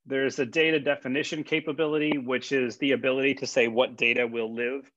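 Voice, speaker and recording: A man's voice: mid-range voice, level tone, brisk, fairly bright tone, no room sound. A man, a college instructor, giving a conversational classroom lecture with fillers and repeated words. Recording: dull, dry lecture recording.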